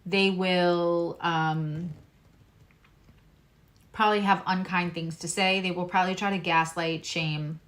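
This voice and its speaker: A woman's voice: lowish voice, fairly even intonation, slow, long pauses, fairly bright tone. A woman from Long Island giving a casual astrology and tarot reading, emphatic and repeating her key points. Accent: neutral American, former Long Island accent dropped. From Long Island, New York. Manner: emphatic, repeats key phrases, chatty asides.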